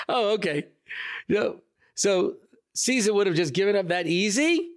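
Animated rabbi with a gravelly voice. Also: male voice, moderate pace, no echo, studio quality. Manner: animated, jokey, acts out quotes with big pitch jumps. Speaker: rabbi giving a weekly Torah talk. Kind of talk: casual storytelling sermon.

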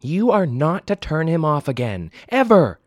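A man voicing a stern, exasperated young mother who scolds her son in a high, strained voice. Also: wildly swooping pitch, measured pace, warm tone, no room sound, studio quality, heavily acted.

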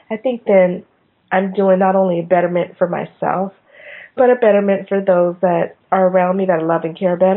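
Effusive woman host on a phone line. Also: medium pitch. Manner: effusive, laughs often. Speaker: podcast host. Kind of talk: conversational interview.

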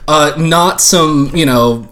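A man's voice: fairly high pitch, slow pace, a bit bright. A man co-hosting a podcast in casual chat, rambling with lots of filler words. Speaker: podcast co-host.

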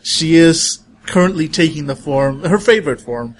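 A man's voice: fairly high pitch, lively intonation, moderate pace. A man narrating a tabletop game as game master, rambling with many fillers. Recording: faint background hiss.

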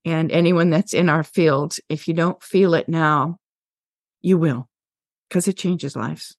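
A woman's voice: sits low, fairly even intonation, slow pace, dry recording, clean studio sound. A woman in her sixties, a veteran health teacher, speaking passionately as a podcast guest, telling classroom stories with emphasis. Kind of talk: podcast interview.

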